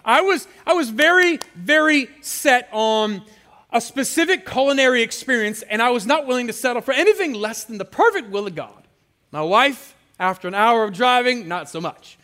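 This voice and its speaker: Bright, high-voiced man preaching. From San Francisco area. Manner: animated, playful storytelling with call-and-response. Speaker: guest pastor. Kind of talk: sermon.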